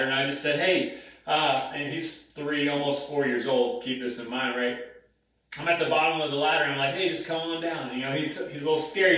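A man's voice: fairly high pitch, pushed and bright. Male pastor preaching in an echoey hall. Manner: conversational, repeats phrases for emphasis. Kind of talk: sermon. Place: church hall. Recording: very echoey room, mic at a distance.

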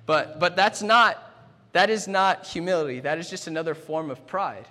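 A man's voice: fairly high pitch, moderate pace, pushed and bright. A young man preaching a sermon in an earnest way, often repeating words as he starts his sentences. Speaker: pastor. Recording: long hall reverb.

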